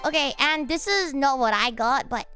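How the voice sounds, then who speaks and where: Young woman streamer, high animated voice, excitable casual chat, faint music behind. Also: normal speed. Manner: excitable, bursts into laughter, swears casually.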